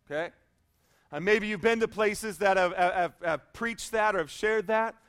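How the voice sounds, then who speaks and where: Pastor preaching, man with a high voice, emphatic and conversational. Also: normal speed, a bit bright, smooth. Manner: emphatic, conversational, repeats phrases. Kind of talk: sermon.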